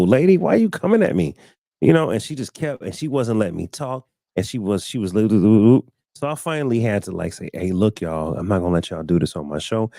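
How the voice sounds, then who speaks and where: A man with a lowish, dark and mellow voice hosts a casual live-stream talk show. He tells stories by acting out what other people said, often repeating a word or two as he gathers his thoughts. The sound is close and dry. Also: dry recording. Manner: storytelling, acting out quoted people; repeats words while finding his thought.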